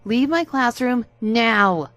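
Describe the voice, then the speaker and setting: A woman's voice: mid-range voice, normal speed, darkish tone, dry recording, lightly acted. A woman voicing a stern female teacher who firmly orders a student out. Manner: firm and scolding.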